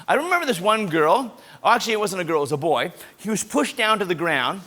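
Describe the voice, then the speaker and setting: A man's voice: high voice, sing-song, quick pace, sharp tone. A man giving an upbeat anti-bullying talk at a school assembly, coaching kids through role-play.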